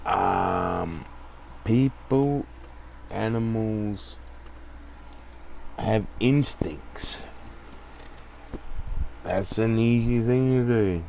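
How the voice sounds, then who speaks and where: A man in his forties rants at a very slow, drawn-out pace, his voice swinging widely up and down. He rambles and swears, sounding exasperated. Faint traffic hums behind him. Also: lowish voice, expressive, creaky, darkish tone. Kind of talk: casual rant.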